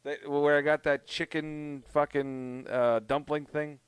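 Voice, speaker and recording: A man's voice: a little high, level tone, measured pace, clean tone, dry recording. Profane Canadian storyteller, man. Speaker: podcast co-host. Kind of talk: casual chat.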